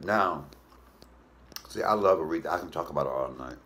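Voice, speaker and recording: A comedy cooking show host tells a story at a fairly quick clip, loose and animated. He swears freely and leaps into a high falsetto whenever he quotes someone.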